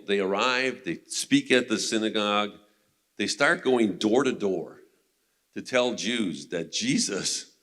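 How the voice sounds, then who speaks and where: A man's voice: lowish voice, a bit bright. A man teaching a men's Bible study in a casual, conversational way, retelling scripture stories and laughing now and then.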